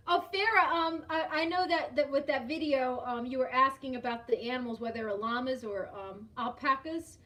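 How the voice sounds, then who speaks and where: A woman's voice: high-pitched, normal speed. A woman hosting a casual live stream chat, telling a story with frequent laughter and greeting viewers by name. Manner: animated, laughs often, greets chatters by name.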